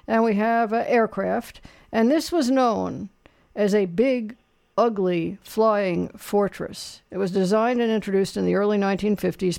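Man, radio call-in host, gravelly rasp, loose folksy rambling delivery. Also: high-pitched, a little mellow. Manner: rambling, folksy, lots of fillers and restarts. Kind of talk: casual call-in chat, radio trivia quiz.

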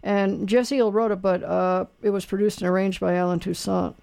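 A man's voice: high-pitched, little pitch movement, moderate pace, creaky, darkish tone, clear, resonant tone. A man hosting a radio call-in show, chatting casually with callers and running a trivia quiz in a rambling, folksy way full of fillers.

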